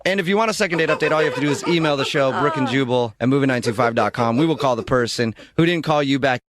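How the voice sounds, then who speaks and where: An amused man co-hosting a morning radio show. He reads out listener texts and tells callers how to reach the show. His voice has a middle pitch. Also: very fast, a crowd in the background. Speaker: radio co-host.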